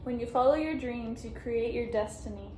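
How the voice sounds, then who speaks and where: A woman's voice: a little high, normal speed, warm tone. Young woman, casual vlog, emotional, gushing, echoey room, faint hiss. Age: young adult. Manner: emotional, gushing, reads a card aloud. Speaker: vlogger.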